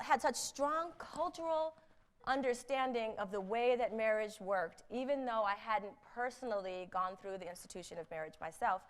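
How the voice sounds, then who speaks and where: A woman speaker on intercultural competence, telling a personal story in a lively way, acting out the people she quotes and laughing at herself. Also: mid-range voice, fairly quick. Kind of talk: storytelling talk.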